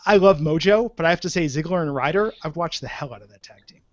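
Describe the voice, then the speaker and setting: A man with a high voice hosts a casual podcast chat. He makes jokey, animated asides. The audio is dull and lo-fi, with a dry, close sound. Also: fast talker, dry recording. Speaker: podcast host.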